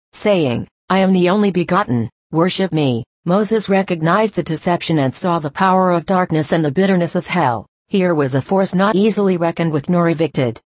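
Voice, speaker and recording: A woman with a fairly low voice reads a religious text in a solemn, measured way. The recording is dry and close, with no room sound. Now and then she reads punctuation marks aloud as words. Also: no room sound. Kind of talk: scripted religious reading.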